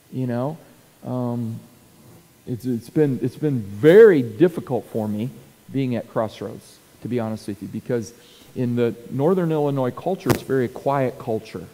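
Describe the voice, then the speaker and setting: A middle-aged male pastor with a warm, mellow voice tells stories in a relaxed, conversational way. He chuckles often and stumbles over repeated words. A long reverb trails behind his voice. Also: mid-range voice. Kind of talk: casual leadership talk with anecdotes.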